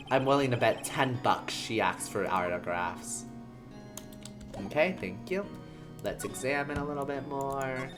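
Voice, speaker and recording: A woman streamer chatting playfully while playing through a game and laughing at herself. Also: rumbling low. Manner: playful, self-mocking, laughs often. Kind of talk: casual game playthrough chat.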